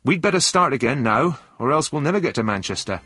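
A man playing a level-headed lorry driver who talks calmly. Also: mid-range voice, fast, husky, no echo, clean studio sound, faint music behind, pitched above the performer's own voice, heavily acted. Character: steady adult lorry driver.

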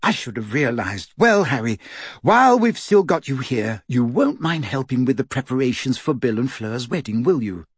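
A man voicing a determined middle-aged mother with a sharp, insistent manner, read as part of a storybook audiobook. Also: medium pitch, sing-song, normal speed, husky, no echo, studio quality. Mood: falsely breezy. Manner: sharp, insistent, switching to sweet casual.

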